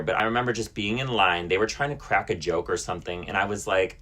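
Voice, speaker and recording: A man's voice: lowish voice, expressive, fast, hardly any pauses, bright, forceful tone. A man venting bluntly to camera in a casual storytime vlog, indignant and swearing. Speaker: vlogger.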